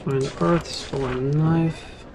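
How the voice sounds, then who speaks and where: Guy mumbling thru a rpg, slightly high voice, low faint hum behind. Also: fairly even intonation, very slow. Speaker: let's play gamer. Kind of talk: casual game commentary.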